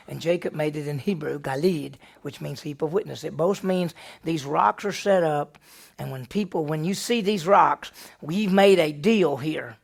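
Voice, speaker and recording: A man's voice: on the high side, vocal fry. A male pastor teaching a Bible lesson, retelling the story with energy and firing off rhetorical questions.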